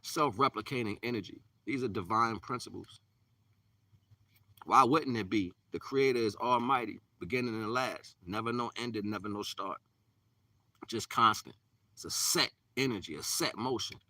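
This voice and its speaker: A man's voice: fairly low pitch, moderate pace, sharp tone, dry recording, recorded from a distance. A man giving a live-streamed spiritual talk in a repetitive, preachy way, often dropping to a near-whisper. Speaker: spiritual teacher.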